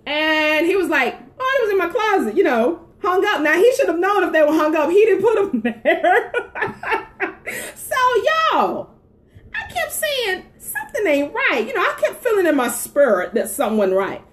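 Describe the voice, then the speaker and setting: High-voiced woman telling a lively story. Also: normal speed. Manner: animated, laughing, addressing viewers as y'all. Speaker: wife co-hosting a live stream. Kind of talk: casual storytelling chat. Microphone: phone.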